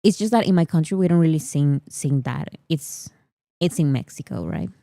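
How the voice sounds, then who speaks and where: Chatty woman, mellow low voice. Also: expressive, normal speed, vocal fry, no room sound. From Peru. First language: Spanish. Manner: chatty, laughs often. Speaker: livestream host. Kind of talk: casual livestream chat.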